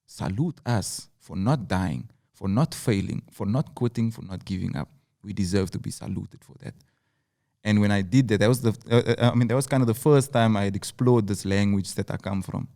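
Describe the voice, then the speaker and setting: A man's voice: lowish voice, normal speed, vocal fry, dark tone. A rapper from South Africa with a Cape Town accent, telling his story in an interview, earnest and building his points through repeated phrases. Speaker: rapper guest. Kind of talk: reflective interview talk.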